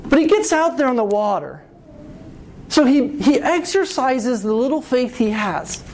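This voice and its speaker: A middle-aged man preaching a sermon, telling a story with lively rises and falls and often asking "right?". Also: extremely high pitch, measured pace, slight background noise. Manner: animated storytelling, asks "right?".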